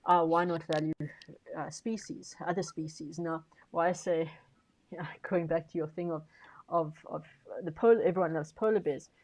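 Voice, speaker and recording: A woman on a conference panel talks in a fairly low voice, pressing her argument with emphasis. She repeats words to drive points home and often stops and restarts mid-sentence. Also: steady tone, moderate pace, darkish tone, rough recording. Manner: frequent fillers and restarts.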